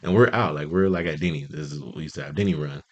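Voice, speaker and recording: A man with a low voice tells casual, profanity-laced stories to the listener. He talks loosely, with lots of fillers, and keeps an animated energy. His pitch leaps far up when he acts out his friends. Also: fast, highs cut off. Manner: jumps much higher when quoting friends. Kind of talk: casual storytelling monologue.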